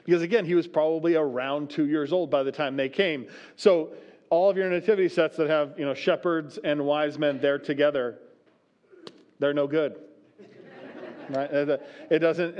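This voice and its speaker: A man's voice: high voice, a little mellow. A man preaching a sermon as pastor, reading scripture aloud and then explaining it in a conversational way that keeps checking in with "right?". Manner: conversational, often asks the room "right?".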